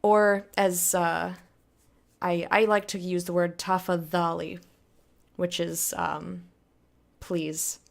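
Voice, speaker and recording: A woman's voice: lowish voice, little pitch movement, slow pace, creaky, pauses often. A woman giving a casual, rambling spoken lesson on pronunciation, chatty and full of fillers. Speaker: language tutor.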